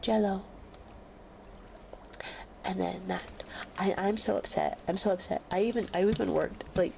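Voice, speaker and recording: A woman chatting casually on her live stream while sick with a fever, often dropping into soft whispers. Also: medium pitch, fairly even intonation, gravelly, a little hiss or hum. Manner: slow and soft, drifting into whispers. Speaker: livestreamer. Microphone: close studio microphone.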